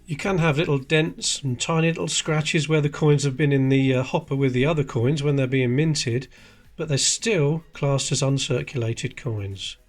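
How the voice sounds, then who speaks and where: Male host, mid-pitched, casual and explanatory, coin hobby commentary. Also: steady tone, normal speed, soft background music. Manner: chatty, explains details while handling coins. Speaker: coin collecting channel host.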